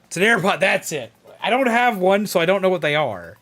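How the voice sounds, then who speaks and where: A man streaming live, telling a story casually and excitedly, cursing freely and using lots of fillers. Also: high-pitched, brisk, dry recording, faint music behind. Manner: excitable, swears a lot, many fillers.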